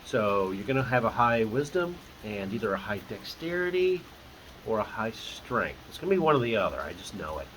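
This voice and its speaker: A man's voice: on the low side, a little fast, poor audio. A man running a casual campaign recap as dungeon master, his voice swinging up and down as he talks. He chats with lots of asides and keeps a friendly, unscripted tone. A faint hum sits behind him. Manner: chatty and animated, with lots of asides.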